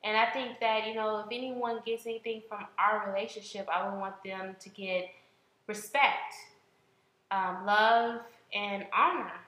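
Chatty young woman, bright voice. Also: mid-range voice, steady tone, unhurried, echoey room, poor audio. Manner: chatty, many fillers and restarts. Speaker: podcast co-host. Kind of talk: casual chat.

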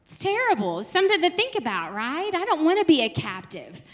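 This is a young woman teaching a Bible study in a relaxed, conversational way. Her voice sits high and sounds bright and clear. She talks to the group like friends, lively and chatty, with frequent laughing asides. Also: fairly quick.

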